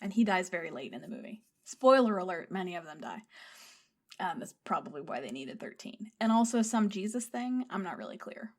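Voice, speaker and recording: A woman's voice: lowish voice, very animated, brisk. A woman chatting casually on a podcast as she retells a film scene by scene. She tells it with animation, drops swear words freely and laughs often, and acts out bits of what the characters say as she goes. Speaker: podcast co-host.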